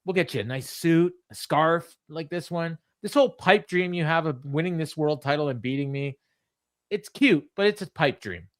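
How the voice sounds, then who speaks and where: A smug, sneering wrestling villain, as a man puts him on barks insults in a raised, nasal-high register. Each line comes out loud and taunting. The sound is dry and close. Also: moderate pace, dry recording, close to an everyday voice. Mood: mocking. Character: cocky, mocking male wrestling heel on the mic.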